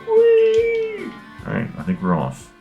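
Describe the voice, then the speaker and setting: Deep gravelly man joking while gaming. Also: expressive, normal speed, highs cut off. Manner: joking, swears, reacts aloud as he plays. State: coughing after playing basketball. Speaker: gamer playing a video game. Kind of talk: casual let's-play chat. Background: game music.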